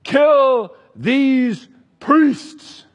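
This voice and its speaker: A man voicing a furious, paranoid old king who shouts accusations at his men. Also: extremely high pitch, animated, drawn-out words, pitched above the performer's own voice, exaggerated voice. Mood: furious shouting.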